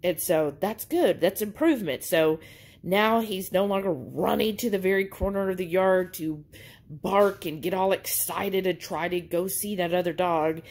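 Chatty woman vlogger with husky voice. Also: lowish voice, moderate pace, poor audio. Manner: chatty, animated storytelling. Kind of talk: casual chat to camera.

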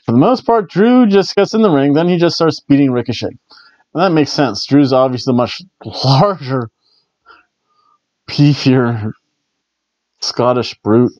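A man's voice: medium pitch, lively intonation, measured pace, pauses often, darkish tone, no room sound, lo-fi sound. A man hosting a casual wrestling review show, rambling with jokey asides. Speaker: wrestling review podcast host. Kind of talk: casual recap commentary.

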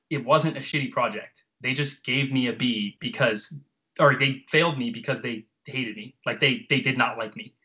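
Fast-talking bright-voiced young man. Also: mid-range voice, rough recording. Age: 20s. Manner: animated, profane, filler-heavy. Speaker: jump training coach. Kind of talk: casual storytelling.

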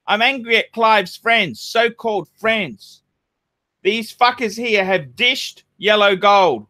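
A man's voice: sits high, slow pace, pushed and bright. A man hosting a live stream, ranting and swearing angrily. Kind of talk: casual live-stream chat.

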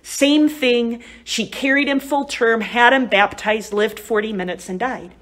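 A woman's voice: on the high side, a little slow, a bit bright. A woman giving a live retreat talk to a group, telling stories in a chatty, conversational way and often asking "right?" and "you know?". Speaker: retreat speaker.

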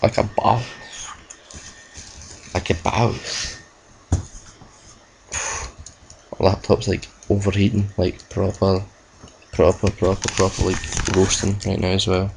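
A man's voice: deep voice, monotone, moderate pace, creaky, darkish tone, slight background noise, low-quality recording. A young man giving rambling, self-mocking commentary over a video game playthrough, cursing at the game now and then. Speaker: gamer. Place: at home with a laptop.

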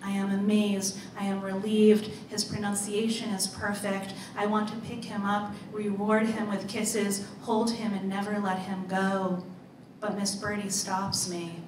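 A woman author reading her own story aloud in a measured, deliberate way. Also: mid-range voice, level tone, darkish tone, a little hiss or hum. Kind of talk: literary reading. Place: live reading event. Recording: roomy, distant mic, faint ambience.

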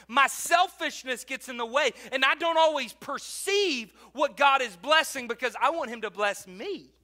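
High, bright-voiced male preacher. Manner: swings between loud preaching bursts and quiet asides. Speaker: pastor. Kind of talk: sermon.

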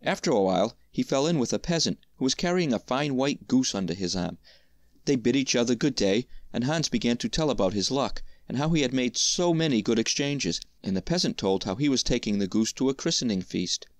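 A man reading a fairy tale aloud as storyteller, in a measured, even manner. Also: mid-range voice, no echo, clean studio sound.

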